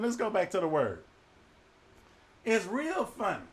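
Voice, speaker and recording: Animated, high-voiced male preacher. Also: measured pace. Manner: humorous, colloquial, animated storytelling. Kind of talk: sermon.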